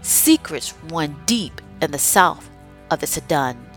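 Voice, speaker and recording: A woman's voice: low voice, sing-song, takes it slowly, fairly bright tone, faint music behind, heavily acted. A woman reading the lines of a guarded, secretive male chieftain in her own voice. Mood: warning.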